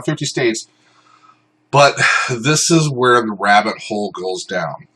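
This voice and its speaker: A man teaching self-defense law in an unscripted, informal way, often pausing on ums and uhs. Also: mid-range voice, husky, rough recording. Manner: informal, many ums and uhs, shouts out acted commands in examples. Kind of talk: unscripted explanatory talk.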